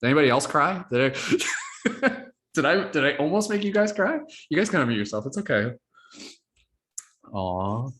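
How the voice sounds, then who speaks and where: A man's voice: on the high side, huge pitch swings, moderate pace, long pauses, fairly bright tone. A man hosting a workshop on a video call, chatting casually and rambling with many filler words. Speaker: workshop host. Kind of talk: casual chat with a group.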